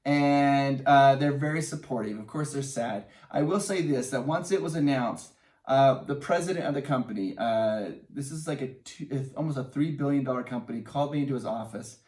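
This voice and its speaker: A man's voice: medium pitch, normal speed, a little mellow, roomy sound, far from the mic. A man hosting a casual vlog, reading viewer answers aloud with enthusiasm and frequent laughter. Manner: upbeat, enthusiastic, laughs often. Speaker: vlog host.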